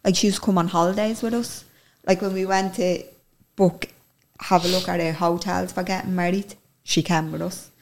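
Gravelly Irish woman telling a raw story. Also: lowish voice, steady tone, moderate pace, slight background noise. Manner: candid, emotional, swears casually. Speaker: interviewee. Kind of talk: personal storytelling.

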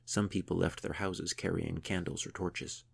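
A man narrating an audiobook chapter in a measured, steady way. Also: low-pitched, vocal fry, breathy edge.

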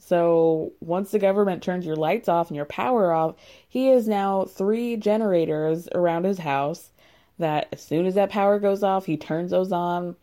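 A woman's voice: lowish voice, normal speed, dark tone. A woman casually recapping a reality show, chatty and sarcastic with lots of "like.". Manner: chatty and sarcastic, heavy use of "like". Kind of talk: casual chat.

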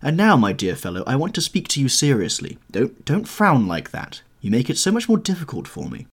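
A man's voice: mid-range voice, huge pitch swings, a little fast, husky, voice pushed up. A man voicing an earnest, pleading painter. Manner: earnest and pleading, rising in urgency. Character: grave, earnest male painter, anxious friend. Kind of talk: audiobook character reading.

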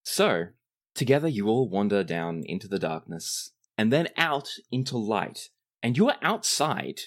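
A man running a tabletop game as game master, narrating scenes in a measured, descriptive way. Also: on the low side, very animated.

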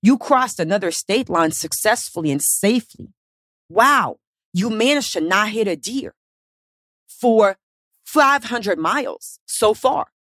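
A woman hosting a motivational podcast as a weight-loss coach, talking casually and bluntly with plenty of swearing and lively storytelling. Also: mid-range voice, takes it slowly, dry recording, clean studio sound. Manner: casual, profane, animated storytelling.

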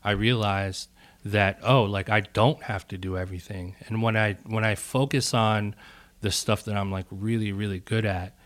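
Low, relaxed man in his thirties; podcast guest telling stories, drifting quiet at phrase ends. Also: moderate pace. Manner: laid-back, trailing off into a soft low voice, frequent "like". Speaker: music producer guest. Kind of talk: casual storytelling in a podcast conversation.

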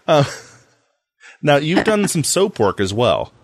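A man's voice: a little high, big pitch swings, slow pace, no echo. A man hosting a podcast interview, asking questions with dry, joking asides. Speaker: podcast host. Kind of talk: casual interview chat.

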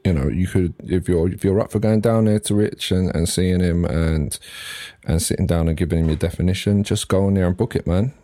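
A man's voice: deep voice, fairly quick, dark tone. A man hosting a podcast, talking in a laid-back, slangy way and swearing casually. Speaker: podcast host. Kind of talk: casual chat.

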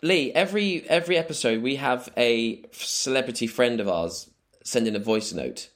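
A man's voice: mid-range voice, moderate pace, fairly bright tone. A man co-hosting a podcast, explaining segments with some hesitation. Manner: hesitant, uses fillers. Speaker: co-host. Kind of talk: casual podcast chat.

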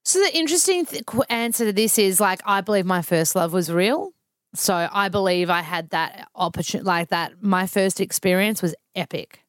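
An Australian woman speaks as a podcast guest, earnest and heartfelt as she opens up in casual chat. Her mid-pitched voice is smooth and clear. The recording is dry and close-miked. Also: expressive, normal speed, dry recording. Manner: warm, earnest and heartfelt, talks openly about feelings.

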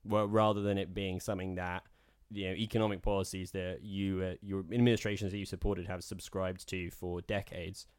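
Podcast co-host, male, low-pitched, sardonic casual talker, dry studio sound. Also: little pitch movement, a little fast, hardly any pauses, a little mellow, smooth, no echo. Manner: sardonic, rambling with restarts. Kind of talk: casual political chat.

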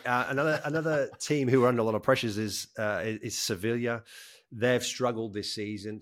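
A man hosting a casual football podcast, briskly moving topics along and putting questions to his guests. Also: lowish voice. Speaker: podcast host.

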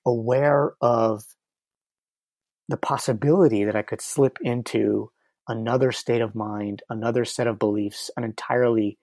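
A reflective speaker in casual conversation who uses many fillers and pauses to find the right words. The voice is gravelly with vocal fry at a middle pitch, recorded close and dry. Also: darkish tone, dry recording.

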